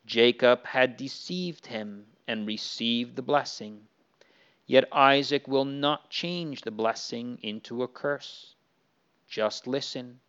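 A man's voice: medium pitch, slow pace, fairly bright tone, clear, resonant tone. A man narrating a Bible story to children in an earnest way, sometimes speaking straight to the characters. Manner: earnest, addressing the characters directly. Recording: dull lo-fi recording.

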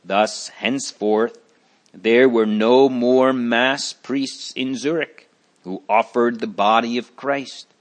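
A man reading a church history story aloud in a measured storytelling manner. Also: mid-range voice, steady tone. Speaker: narrator. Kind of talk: scripted narration of church history.

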